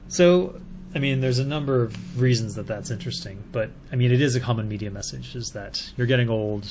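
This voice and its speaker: A man's voice: medium pitch, brisk, darkish tone, slight background noise. A man giving casual, tentative commentary while analysing a video. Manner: musing, tentative.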